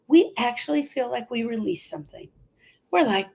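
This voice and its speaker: A woman's voice: fairly high pitch, moderate pace, gravelly, a little mellow, breathy edge. A woman talking earnestly as a grief coach on a live stream, repeating phrases for emphasis.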